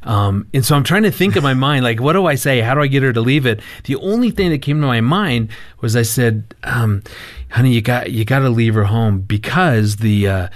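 A man's voice: mid-range voice, brisk. A man who works as a marriage therapist, telling stories in casual talk and acting out the people he quotes. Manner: animated storyteller, acts out quotes. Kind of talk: casual storytelling.

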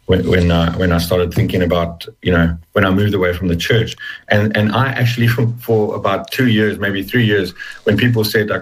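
A middle-aged man with a very deep, husky voice recounts a personal story as an interview guest. He speaks haltingly and with feeling, often restarting his sentences. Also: steady tone, poor audio. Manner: halting, emotional, many restarts.

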